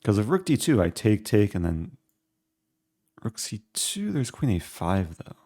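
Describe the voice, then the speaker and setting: A man streaming live, thinking aloud as he calculates his moves in a relaxed, halting way. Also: fairly low pitch, no echo, clean studio sound. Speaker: chess streamer. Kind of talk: live-stream game commentary.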